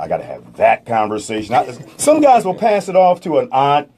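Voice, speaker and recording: A male radio host talks with a mellow, warm tone and a very animated, up-and-down delivery. He jokes with his guests and slips in preachy asides to the listeners. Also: medium pitch, normal speed, a little hiss or hum. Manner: lively, joking, preachy asides. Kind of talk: radio interview. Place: radio studio.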